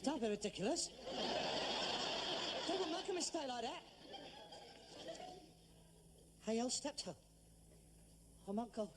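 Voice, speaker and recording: An actor playing a frustrated grown son who believes he is gravely ill, talking in an exasperated, theatrical, self-dramatising way, in 1960s television sitcom acting. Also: extremely high pitch, expressive, normal speed, very noisy.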